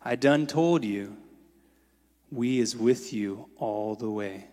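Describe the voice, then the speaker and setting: A man voicing a wise, caring woman of about eighty, who speaks in a slow, low, gentle dialect. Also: in a large hall, lightly acted.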